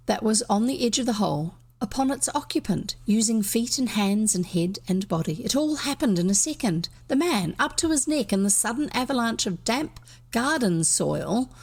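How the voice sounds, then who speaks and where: A woman's voice: medium pitch, vocal fry. A woman with a New Zealand accent reading a children's book aloud, with casual asides to listeners. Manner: steady storybook narration with asides. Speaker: reader.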